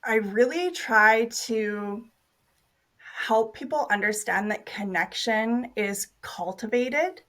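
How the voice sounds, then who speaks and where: A woman birth worker answering interview questions in a calm, measured, gentle way. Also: a little high.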